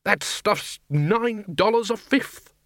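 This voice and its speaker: A man voicing a loud, gruff, blustery old wizard who heads a university, in an audiobook reading. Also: sits high, animated, takes it slowly, no echo, clean studio sound, voice pushed up, exaggerated voice. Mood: angry roaring. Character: bellowing blustery old male wizard head.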